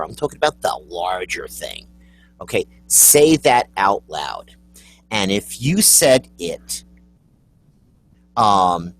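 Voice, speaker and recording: A man's voice: fairly low pitch, husky, poor audio. An American man hosting a podcast in casual chat, joking and rambling as he tells a story. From United States. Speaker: podcast host.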